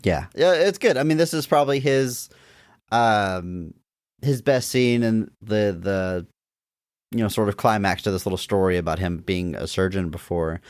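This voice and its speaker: A man co-hosting a movie podcast, talking in a relaxed, agreeable way with chuckling asides. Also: lowish voice, moderate pace, dry recording, studio quality. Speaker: podcast co-host. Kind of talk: casual movie review chat.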